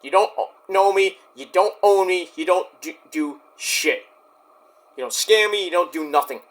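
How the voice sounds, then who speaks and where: A man's voice: high-pitched, moderate pace, fairly bright tone. A man in a vlog ranting straight at his critics, defensive and indignant, swearing and rambling with restarts. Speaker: YouTube wrestling reviewer.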